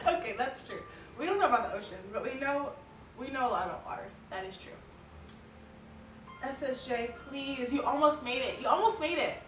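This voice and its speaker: A woman's voice: sits high, animated, moderate pace, fairly bright tone, recorded from a distance. A young woman chatting casually on a live stream, rambling and giggling with lots of filler words. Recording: roomy, off-mic, music behind.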